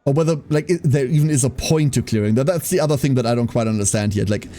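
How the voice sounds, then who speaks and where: A man's voice: medium pitch, fast talker, dark tone. A man streaming a game live, thinking aloud in a casual, frank way and swearing now and then. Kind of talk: live-streamed gameplay commentary.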